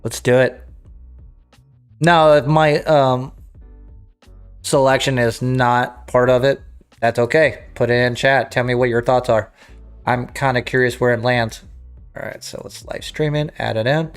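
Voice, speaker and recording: A man's voice: medium pitch, fairly even intonation, unhurried, pauses often, clean tone, soft background music. A man streaming a game, chatting casually with his viewers and thinking aloud as he restarts his sentences. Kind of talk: casual livestream chat to viewers.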